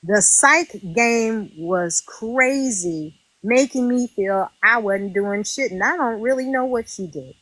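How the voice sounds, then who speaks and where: A woman, a former reality show contestant, telling her story in a casual interview, animated and indignant, acting out what others said. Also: a little high, takes it slowly, no room sound, low-quality recording. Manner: animated and indignant, acts out quotes.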